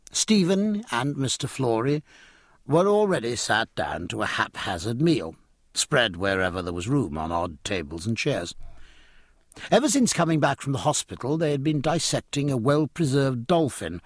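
A man reading a novel aloud in expressive, measured scripted narration. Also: mid-range voice, dry recording, clean studio sound. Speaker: audiobook narrator.

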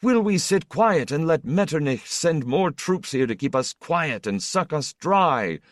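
A man's voice: a little high, sing-song, a little slow, no room sound, studio quality, pitched above the performer's own voice. A man voicing a male orator declaiming to a crowd in a big, slurring voice. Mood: rousing.

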